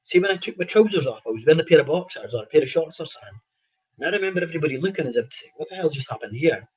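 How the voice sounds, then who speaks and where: A man's voice: fairly high pitch, lively intonation, very fast, a little mellow, breathy edge, dull audio. A man, a professional boxer telling stories in a casual interview, rambling with restarts and laughing at himself.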